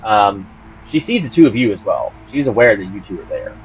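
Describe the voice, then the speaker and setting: A man narrating as game master of a tabletop game, halting with many fillers and restarts. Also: on the low side, sing-song, soft background music, low-quality recording.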